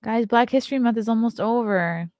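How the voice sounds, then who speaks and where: A woman's voice: on the high side, fairly quick, a little mellow, no room sound, studio quality. A woman in her thirties hosting a casual solo livestream, chatting, reading articles aloud and reacting to them, yawning often. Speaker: host.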